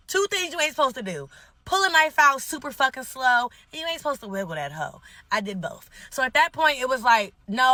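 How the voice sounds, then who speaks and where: A woman's voice: on the high side, sharp tone, no room sound. A young woman telling a wild personal story in casual, profane slang, laughing often. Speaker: guest telling her story. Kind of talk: animated storytelling.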